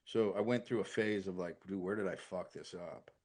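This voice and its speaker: A man in his forties, a podcast guest talking earnestly in casual chat, often dropping to a hushed voice. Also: low-pitched, normal speed, husky. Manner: earnest, swings from loud to hushed.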